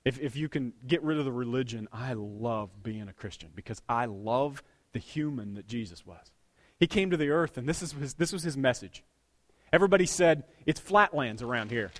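At a normal speed and in a mid-range voice, a male pastor gives his sermon, shifting from hushed intimacy to loud, excited exclamations.

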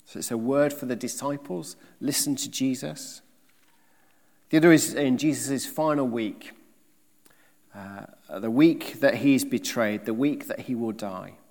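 A man preaches a sermon emphatically, using rhetorical questions and swinging between loud and soft delivery. His voice is medium-pitched, with a big-room sound.

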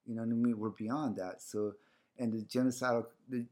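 The guest, who is organizing a community series, talks briskly in a medium-pitched, darkish voice with fairly even intonation. His casual personal story wanders, packed with fillers, as he acts out what others said.

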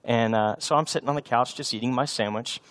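A man's voice: mid-range voice, a little fast, a bit bright. A man in his thirties preaching a sermon as a pastor, telling stories with humor and a slightly congested voice. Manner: storytelling with humor, frequent restarts. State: slightly congested from a sinus infection. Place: church sanctuary.

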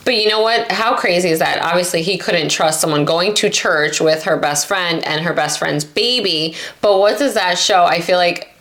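A woman's voice: fairly low pitch, moderate pace, few pauses, fairly bright tone. A young woman hosting a podcast, chatting casually and telling stories, quoting friends in her own voice. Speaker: podcast host. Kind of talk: casual chat.

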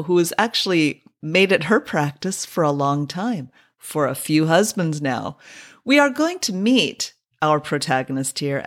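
A woman hosts a podcast in a chatty, wry manner, often drawing out an amused "oh." Her voice sits low for a woman and sounds relaxed and conversational. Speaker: podcast host. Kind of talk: casual commentary on old radio drama.

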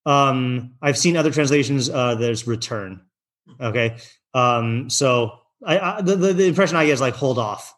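A man's voice: medium pitch, normal speed, a bit bright. A man teaching an online text study class, reading passages out and translating them in a loose, chatty way with plenty of fillers and restarts.

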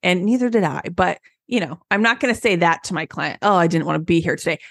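A woman's voice: fairly low pitch, fast, vocal fry, no room sound, clean studio sound. A woman hairstylist co-hosting a casual chat, telling stories and acting out peppy voices. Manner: lively storyteller, acts out peppy voices. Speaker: podcast co-host, hairstylist.

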